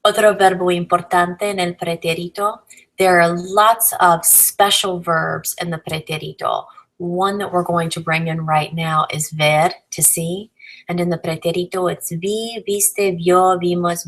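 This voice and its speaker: A woman with a low voice and a gravelly edge gives a recorded lesson. She explains grammar patiently, step by step, and spells out letters along the way. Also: steady tone, a little slow, a bit bright, poor audio. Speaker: Spanish teacher.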